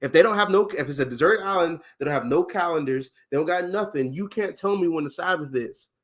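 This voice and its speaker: A man teaching on a casual livestream. He talks with emphasis, asks questions, and counts things out loud. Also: fairly high pitch, animated, fast talker.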